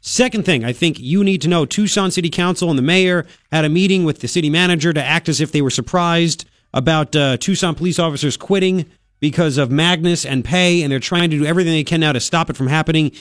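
A man hosting a talk radio show, opinionated and sarcastic, with quick asides. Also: on the high side, dry recording, studio quality. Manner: brash, sarcastic, rapid asides. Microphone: studio microphone.

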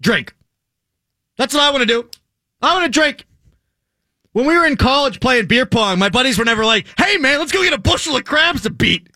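A man's voice: very high-pitched, lively intonation, moderate pace, long pauses, bright, forceful tone, dry recording, clean studio sound. A young man from the Pittsburgh area hosting a show, joking in blunt, teasing banter. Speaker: show host. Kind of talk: casual banter on a podcast.

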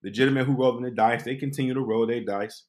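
Animated man telling a comic story. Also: mid-range voice, quick pace. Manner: animated, acts out voices and quotes. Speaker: podcast host.

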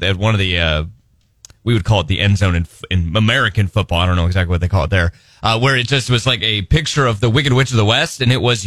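A man's voice: lowish voice, no room sound. A man co-hosting a morning radio show, telling a story and acting out what people said. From Missouri. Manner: animated storytelling, acts out quotes. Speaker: radio co-host. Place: radio studio. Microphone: studio microphone.

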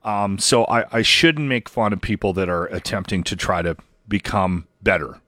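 A man hosting a casual morning radio show, chatty and animated, acting out what other people say. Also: sits low, moderate pace, dry recording. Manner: chatty, animated, acts out quotes.

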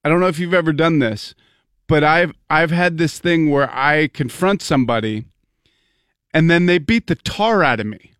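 A man's voice: a little high, normal speed, fairly bright tone, clear, resonant tone, dry recording, studio quality. Wry, self-deprecating male co-host. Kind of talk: casual radio banter.

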